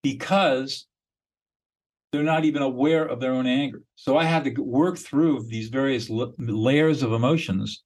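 A man's voice: mid-range voice, measured pace, darkish tone, low-quality recording. A man, a mediator and podcast guest, explaining his method in a blunt, emphatic, instructional way.

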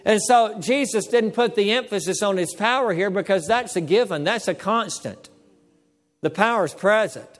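High-voiced preaching pastor, man. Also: in a large hall. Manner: preaching with call-and-response, slowing to stress key words. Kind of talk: sermon.

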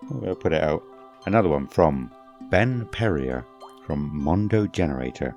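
A man co-hosting a podcast, joking around, stumbling over and correcting his words, reading names in a slow, drawn-out way. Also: extremely low pitch, expressive, a little mellow, faint music behind. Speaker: podcast co-host. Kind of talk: casual podcast chat.

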